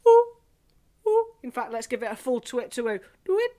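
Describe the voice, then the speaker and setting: A Scottish woman leading an online singing group through vocal and face warm-ups, cheerful and chatty, laughing at herself. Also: a little high, very animated, moderate pace.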